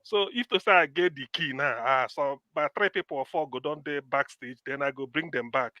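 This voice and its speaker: Nigerian debate moderator, bright and firm, dry close sound. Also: male voice, fairly high pitch, fairly quick, dry recording, lo-fi sound. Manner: firm, repeats himself to cut in. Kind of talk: online political debate moderating.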